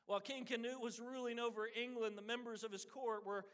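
A man's voice: very high voice, fairly even intonation, brisk, fairly bright tone. A man preaching a sermon, telling a story and acting out the voices of its characters. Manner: earnest preaching, acts out quoted voices. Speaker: pastor. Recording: long hall reverb.

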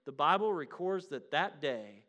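A male preacher delivers a sermon in a voice pitched a little above the usual. He swings from loud, ringing declarations down to hushed, quiet lines, and he addresses his listeners as "beloved.". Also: lively intonation, measured pace.

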